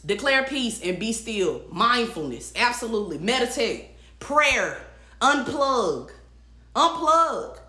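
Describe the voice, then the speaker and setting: Sharp in tone and a little high, this woman speaks very animatedly but a little slowly. She's running a weekly livestream from an echoey room, delivering an upbeat, emphatic pep talk, repeating herself and chatting with commenters.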